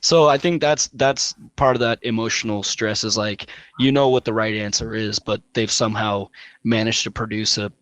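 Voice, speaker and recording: A man talking as a guest on a casual panel, animated and quick to interrupt himself. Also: lowish voice, no room sound. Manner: animated, self-interrupting, laughing asides.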